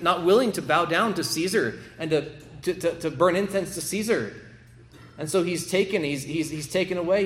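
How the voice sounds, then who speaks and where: A man's voice: a little high, reverberant. A male pastor delivering a sermon, emphatic and prone to repeating words as he builds a point.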